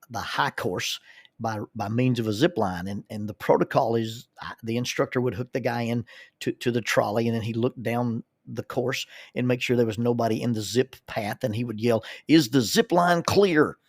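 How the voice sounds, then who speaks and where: A man's voice: medium pitch, fairly even intonation, normal speed, breathy edge, no echo. Folksy man telling a story, dry sound. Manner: folksy, repeats words when starting a thought. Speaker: counselor and minister telling stories. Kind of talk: storytelling monologue.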